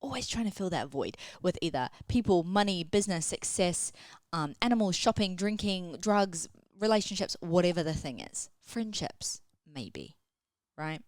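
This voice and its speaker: A woman's voice: on the low side, lively intonation, normal speed, a little mellow, no echo. A woman, hosting a candid solo podcast from her floor at home, casual and chatty, swearing freely. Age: 20s. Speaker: podcast host and women's coach. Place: at home, sitting on the floor against a wall.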